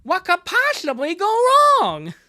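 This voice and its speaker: A woman's voice: huge pitch swings, a little slow, bright, forceful tone, heavily acted. A woman doing a cocky cartoon bobcat guy. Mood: smug. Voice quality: high, exaggerated cartoon impression.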